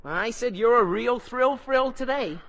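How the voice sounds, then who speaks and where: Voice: mid-range voice, unhurried, fairly bright tone. An actor playing an eager, slang-loving teenage boy in 1940s radio acting. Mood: slangy.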